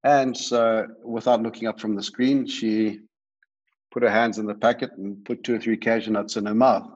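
Man, lowish voice, amused storyteller, lo-fi line. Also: little pitch movement, moderate pace, a little mellow. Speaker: guest, sauce maker. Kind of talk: storytelling anecdote. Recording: dull lo-fi remote audio.

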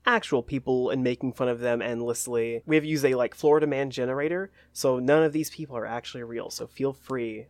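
A mid-pitched man on a comedy podcast, calmly introducing a segment and reading entries with a deadpan edge. His voice is close and dry, with no room sound. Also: brisk, hardly any pauses, dry recording. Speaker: podcast co-host. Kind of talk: casual comedic chat.

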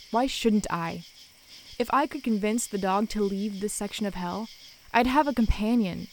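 Woman narrator, mid-pitched voice, steady and measured, for a first-person horror tale. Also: slight background noise, poor audio.

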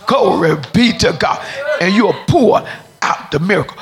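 A woman preacher delivering a fiery sermon in a rhythmic, repetitive cadence, shouting and speaking in tongues. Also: mid-range voice, lively intonation, unhurried.

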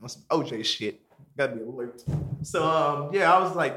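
A young man telling a long story to friends in a casual chat. He swears freely, mumbles his asides and jumps into high squeaky voices when he quotes himself. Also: lively intonation, normal speed, sharp tone.

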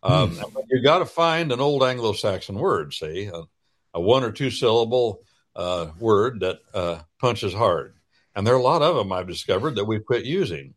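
A man with a lowish voice hosts a radio talk show. He explains things in a folksy, preacherly way and leaves drawn-out pauses as he gathers his words. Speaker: radio host.

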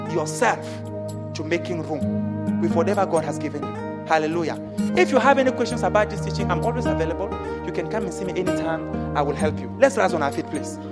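A man preaching a passionate sermon as pastor, dropping low and quiet, then climbing to shouts. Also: big-room sound. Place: church.

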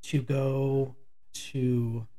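A man's voice: mid-range voice, little pitch movement, extremely slow, mellow. A man co-hosting a podcast, chatting casually, often stopping and restarting his sentences. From Northern California. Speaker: podcast co-host. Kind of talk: casual chat.

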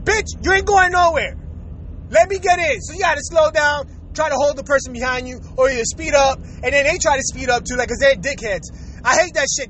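Young guy, real high voice, cussing out traffic in his car, says the same thing over and over. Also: fairly bright tone. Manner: profane, ranting, repetitive. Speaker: vlogger. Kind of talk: ranting while driving. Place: inside a car in city traffic. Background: faint traffic noise.

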